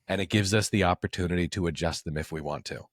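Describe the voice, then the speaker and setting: A man's voice: sits low, fast, no room sound, clean studio sound. A man in his forties, a men's coach, talking in a podcast conversation with an emphatic coaching delivery.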